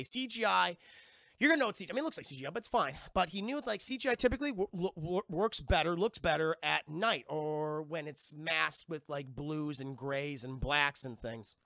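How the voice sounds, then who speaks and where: A man casually reviewing a film for his stream's chat, with a profane, rambling, animated way of retelling scenes. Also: fairly high pitch, normal speed, gravelly, no room sound, studio quality.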